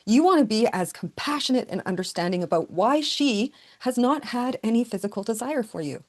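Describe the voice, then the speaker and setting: A woman's voice: a little high, expressive, a little fast. A woman hosting a podcast, talking straight to listeners in a frank, coaching way as she gives relationship advice. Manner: frank, coaching, plain-spoken. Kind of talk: direct advice monologue.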